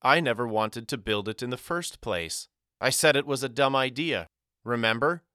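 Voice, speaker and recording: A man voicing a gruff, dismissive boy in an audiobook. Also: mid-range voice, normal speed, sharp tone, dry recording, studio quality, pitched above the performer's own voice, lightly acted.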